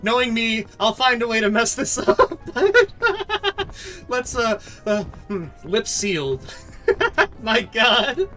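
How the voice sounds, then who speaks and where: A man streaming a game live, commenting excitedly, thanking viewers and laughing often. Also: high voice.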